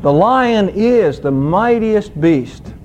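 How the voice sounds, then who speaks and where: A male pastor preaching a sermon, teaching scripture with an expressive, emphatic storytelling manner. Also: sits high, takes it slowly, slight background noise.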